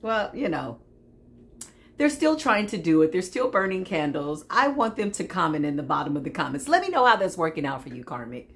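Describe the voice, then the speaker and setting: Sassy, lively woman tarot reader. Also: on the low side, a little fast, a little hiss or hum. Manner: sassy, laughing, preachy asides. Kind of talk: spiritual tarot reading monologue.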